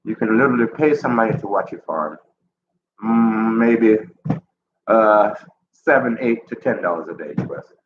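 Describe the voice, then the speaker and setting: A middle-aged man from Jamaica, raised in Chicago, talking in a relaxed, rambling way in a casual vlog, repeating his phrases. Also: fairly low pitch, moderate pace. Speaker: vlogger. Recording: echoey, dull, noisy ambience.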